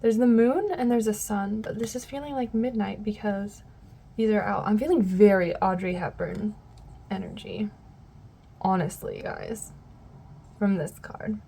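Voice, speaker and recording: A woman's voice: mid-range voice, steady tone, unhurried, creaky, warm tone, slight background noise. A woman giving a casual tarot reading to her viewers, rambling and often losing her train of thought. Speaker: tarot reader.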